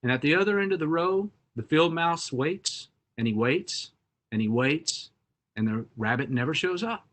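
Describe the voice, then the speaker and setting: A man with a bright, somewhat high voice gives a keynote talk. He tells a fable in an animated way before moving into his main point. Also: normal speed. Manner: animated storyteller. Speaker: executive director and featured speaker.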